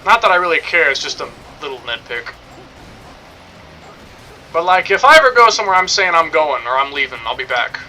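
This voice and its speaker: A man's voice: on the high side, very animated, a little fast, long pauses, bright, forceful tone, slight background noise, poor audio. A young man streaming a game, rambling and joking in casual commentary, swearing now and then.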